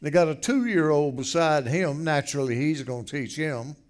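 A man's voice: on the high side, normal speed. An older man preaching a folksy sermon, acting out the voices of the people in his stories.

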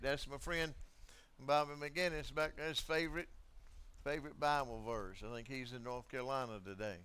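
A man delivers a sermon in a clean, mid-range voice at a moderate pace. He swings between loud declarations and hushed asides, repeating key phrases for emphasis.

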